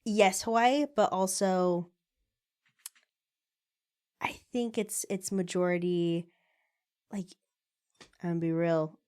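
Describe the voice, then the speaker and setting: A woman talks openly in a casual podcast conversation, her voice a little low for a woman. She is blunt and unguarded and swears without a second thought. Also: fairly even intonation, slow pace, pauses often, darkish tone, clean tone. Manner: candid, frank, swears casually. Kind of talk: casual chat.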